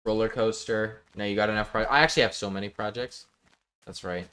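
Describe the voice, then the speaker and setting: Chatty and jokey, a man live-streams a building game and reads out his viewers' chat as he talks with them casually. His voice is on the low side, fairly bright and brisk.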